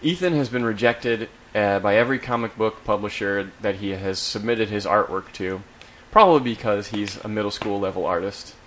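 A man's voice: on the low side, moderate pace, fairly bright tone, slight background noise. A man co-hosting a horror review podcast, retelling an episode's plot in a dry, sardonic way. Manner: sardonic, recaps plots with acted-out quotes. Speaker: podcast co-host. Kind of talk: casual review chat.

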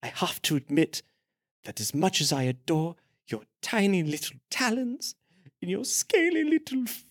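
A man's voice: high voice, very animated, normal speed, full character voice. Guy doing a creepy pompous priest, stutters, hammy game character. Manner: pompous, stammering. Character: creepy pompous male priest with a foot fetish.

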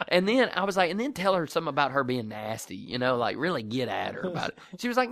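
This co-host speaks fairly quickly with a creaky, medium-pitched voice and hardly pauses, with no echo in the recording. Animated throughout, he acts out the characters' voices in his story and laughs a lot during the casual chat.

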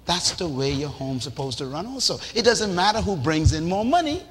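A man preaching a sermon in a lively, animated way, acting out little scenes and shouting for emphasis. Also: fairly high pitch, fairly quick. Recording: reverberant hall with faint noise.

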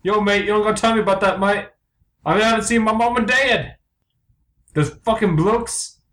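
A man voicing a brash young male cartoon bird in a put-on British accent, loud and full of slang, in an improvised comedy skit. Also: high-pitched, normal speed, echoey room, voice pushed up. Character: brash young male macaw, rowdy bloke.

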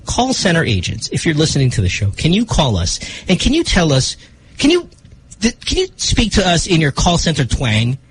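Animated Filipino man hosting radio. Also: fairly high pitch, normal speed, a little hiss or hum. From Philippines. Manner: animated, mixes Tagalog into English, stammering restarts. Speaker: radio host. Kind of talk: casual radio banter.

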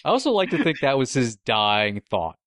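A man co-hosting a movie commentary podcast, cracking dry, deadpan jokes in casual chat. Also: mid-range voice, normal speed, no room sound. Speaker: podcast co-host.

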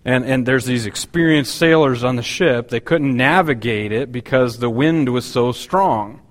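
A man's voice: mid-range voice, unhurried. Man teaching a sermon in a reverberant hall. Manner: explanatory, frequent restarts and fillers. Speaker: preacher. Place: church hall.

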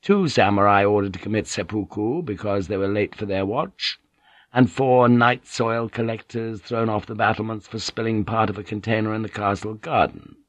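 A man narrating an audiobook in a measured storytelling manner. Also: on the low side, fairly bright tone, no echo. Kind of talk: scripted narration.

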